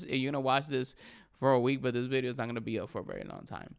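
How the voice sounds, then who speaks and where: Smooth-voiced man in his thirties, reflective. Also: medium pitch, huge pitch swings, rapid-fire. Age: 30s. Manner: rambling, reflective, open about struggles. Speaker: podcast host and stand-up comedian. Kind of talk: candid solo podcast monologue.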